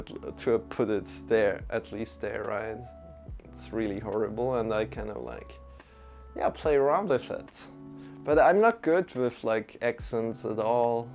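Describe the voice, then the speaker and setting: A man with a Swiss accent leading a live-streamed yoga and meditation session, giving calm instructions and chatting with viewers in between. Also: lowish voice. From Switzerland. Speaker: yoga teacher. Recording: faint music behind voice.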